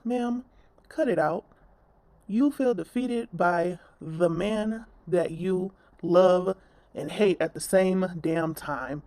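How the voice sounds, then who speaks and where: A woman's voice: lowish voice, takes it slowly, mellow, no room sound. Woman commentator, blunt scolding rant, profane, dry close sound. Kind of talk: ranting reaction commentary.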